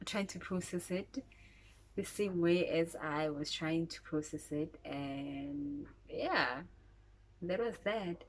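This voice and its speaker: This is a South African woman with a low-ish voice telling a personal story on her vlog. She talks slowly and casually, slipping into whispered asides as she goes. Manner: chatty, drops into whispered asides. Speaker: YouTuber.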